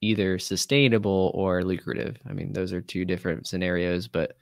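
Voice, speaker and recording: A man in his twenties, a guest musician, telling stories casually with animated, profane energy. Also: low-pitched, brisk, creaky, no room sound, clean studio sound. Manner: animated, profane, mimics people in quotes. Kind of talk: casual storytelling chat.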